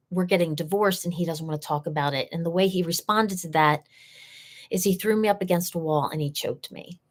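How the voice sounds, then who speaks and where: A woman hosting a live session, telling a personal story in an earnest way and repeating key phrases for emphasis. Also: on the low side.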